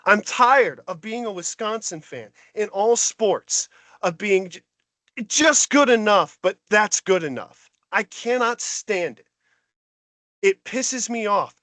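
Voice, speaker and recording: Brief: male podcast co-host, high voice, dry close sound, fired-up exasperated ranting. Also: expressive, slow, bright, forceful tone, no echo. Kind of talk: heated sports rant.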